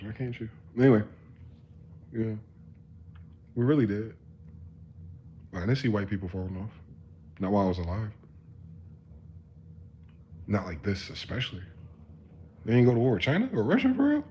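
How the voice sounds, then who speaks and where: A man in his thirties giving a rambling, profane live-stream monologue, moving between quiet musing and loud ranting. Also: on the low side, lively intonation, moderate pace, long pauses, slight background noise.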